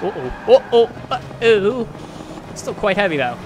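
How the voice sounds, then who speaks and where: A man commenting on his racing game play in a chatty, self-mocking way, with sudden excited outbursts. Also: high-pitched, measured pace, background noise. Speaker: gaming channel host.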